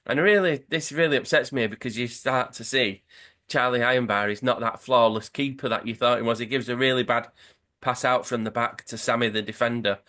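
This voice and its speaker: A man's voice: mid-range voice, brisk, pushed and bright. A man, a podcast host casually retelling a football comic story, rambling with fillers and restarts.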